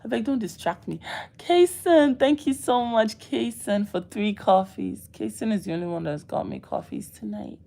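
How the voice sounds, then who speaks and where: Woman livestream host, gravelly, teasing, bursts of laughter and mock indignation. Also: mid-range voice, moderate pace. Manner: animated, laughing, playful mock outrage. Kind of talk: casual livestream chat with viewers.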